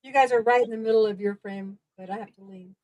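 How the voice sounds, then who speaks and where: A woman's voice: mid-range voice, fast, a little mellow, no echo. A woman chatting casually on a livestream video call, laughing often through her words.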